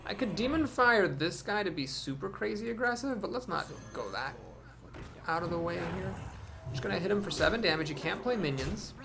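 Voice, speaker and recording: A man casually commentating his own card game, thinking aloud and poking fun at his own mistakes, with sudden animated outbursts. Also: sits high, a little fast, creaky, over music.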